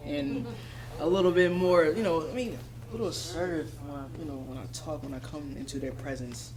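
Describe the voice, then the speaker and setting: A woman guest telling a story in casual talk, animated, laughing often, filling with "you know what I'm saying". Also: sits low, fast. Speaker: podcast guest, hospital worker. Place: room with a group of women. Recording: noisy group chatter behind.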